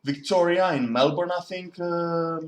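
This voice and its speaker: A student vlogger, male, delivers a casual, rambling monologue, musing, digressing and often correcting himself. His voice sits a little high and he speaks unhurriedly. The recording has an echoey room sound.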